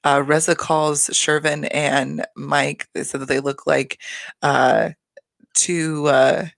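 A casual podcast host recaps a reality show in a loose, rambling, profane way. The voice is gravelly with lots of vocal fry, at an ordinary pitch. It is recorded close and dry on a home mic. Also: level tone, slow, fairly bright tone, dry recording. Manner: gushing and profane, chatty and rambling.

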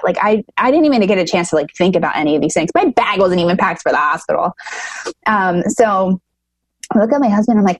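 A woman's voice: medium pitch, lively intonation, no echo. A young adult woman, a podcast guest, telling a personal story in a casual, emotional way with many fillers. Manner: emotional, fast, filler-heavy retelling.

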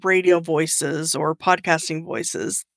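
A woman's voice: sits low, steady tone, slow, creaky, no echo, studio quality. A woman hosting a podcast, reading a polished scripted introduction for her guest. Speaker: podcast host.

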